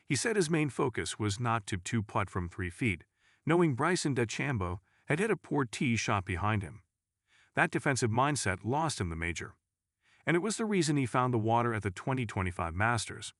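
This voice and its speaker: A man's voice: mid-range voice, big pitch swings, normal speed, a bit bright, no echo, clean studio sound. A man reading a sports news article aloud as scripted narration, with dramatic emphasis.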